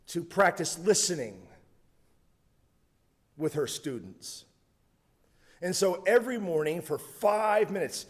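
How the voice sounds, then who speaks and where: A man preaching a sermon, telling a humorous story with asides. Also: on the high side. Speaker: pastor.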